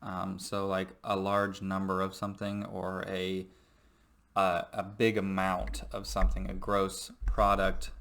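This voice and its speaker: Male history teacher, lower voice, loose and jokey lecture delivery with lots of fillers. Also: monotone, unhurried, a bit bright. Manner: jokey, rambling, many fillers. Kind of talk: recorded classroom lecture.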